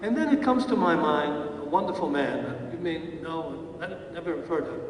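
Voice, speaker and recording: A man's voice: a little high, animated, normal speed, slight background noise. A man, an acting teacher, telling stories in an awards ceremony acceptance speech with hesitant fillers, heard from far off in an echoey hall. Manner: anecdotal storytelling with hesitant fillers. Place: large event hall.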